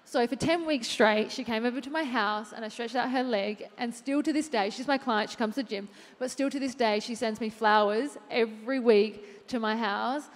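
A woman with a slightly high voice answers questions on stage in a chatty, unassuming way, leaning on fillers and "I guess". Her words ring out with a long reverb in a large hall. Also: normal speed, hardly any pauses. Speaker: fitness trainer, interview guest. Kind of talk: live on-stage interview talk to an audience. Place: large event hall with audience.

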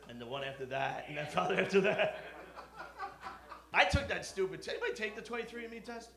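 Brash, high-voiced middle-aged male comic. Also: sing-song, fast talker, fairly bright tone, a little hiss or hum. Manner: brash, profane, riffing with the audience. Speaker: stand-up comedian. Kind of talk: live stand-up set. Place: comedy club stage. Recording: echoey club with crowd.

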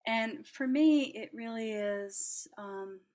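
A middle-aged woman hosting a reflective talk about the heart, chatty and gentle, laughing lightly and dropping to soft asides. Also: a little high, slow. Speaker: host.

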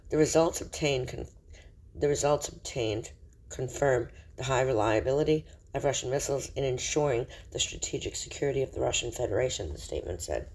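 Middle-aged male host, mid-pitched and gravelly, news read-through with commentary, trips over and spells out place names. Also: fairly quick, a little mellow. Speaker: Christian video host. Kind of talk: reading news aloud with personal commentary. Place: room in a house. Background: faint background noise.

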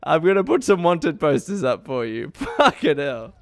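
A young man giving excitable, swearing let's play commentary, laughing often. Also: a little high, moderate pace, vocal fry, no echo. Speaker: gaming youtuber.

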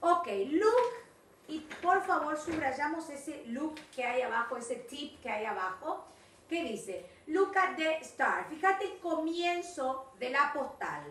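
Woman teacher, high lively voice, bright tone, echoey room, mic at a distance. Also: unhurried, slight background noise. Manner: animated, coaxing, repeats words. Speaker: English teacher. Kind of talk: online class, mixing English and Spanish.

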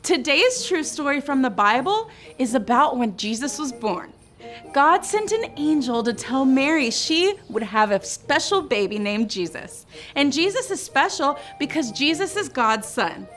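Bright, bouncy preschool show host woman. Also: sits high. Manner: exaggerated, playful, cheering on young children. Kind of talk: preschool Bible lesson.

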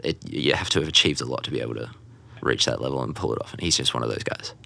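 A man's voice: very deep voice, quick pace, vocal fry, sharp tone. A man, chatting casually as a musician guest, rambling and swearing with lots of fillers. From Australia. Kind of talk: casual podcast chat.

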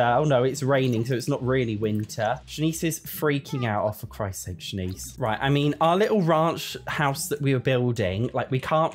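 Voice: mid-range voice, a little mellow. A let's play host giving casual gameplay commentary, exasperated and sweary, laughing often while chatting through the game.

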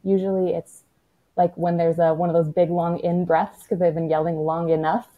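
A woman's voice: lowish voice, flat delivery, moderate pace, narrow, tinny audio. A woman speaking as a toddler-parenting expert in a casual podcast conversation, frank and matter-of-fact, with lots of "like" and the odd swear word.

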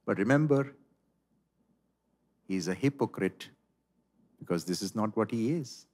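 A man's voice: sits high, fairly bright tone. A male pastor preaching a sermon in a church, telling a story dramatically.

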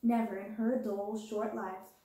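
A woman reading a children's classic aloud as a storyteller, with gentle, even narration. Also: medium pitch, unhurried, heavy reverb, rough recording.

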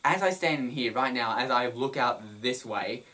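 A man at an everyday middle pitch chats straight to camera from his bedroom. His delivery is lively and enthusiastic, with clear stress on key words, like a casual advice vlog. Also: normal speed. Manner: energetic, emphasizes words. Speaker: film review vlogger.

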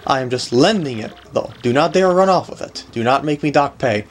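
A man's voice: mid-range voice, expressive, fairly quick, natural voice. A man reading a game's dialogue aloud, voicing a pompous, wealthy nobleman who is haughty, scornful and grandiose.

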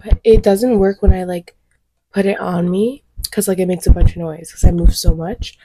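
This is a casual get-ready-with-me vlog: a young woman talks through her morning routine indoors in her bedroom, rambling and occasionally cursing, with a camera on a tripod capturing it. She speaks in a mid-range voice at a moderate pace over a noisy background.

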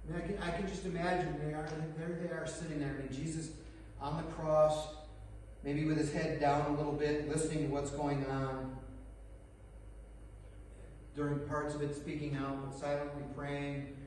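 A male pastor preaches earnestly, leaning on dramatic pauses and dropping to a hush for the retold scenes. His voice sits high and rings out in a large hall with a long echo. The mic is far from him, with faint room ambience beneath. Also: little pitch movement, slight background noise. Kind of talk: sermon. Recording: echoey hall recorded from far off.

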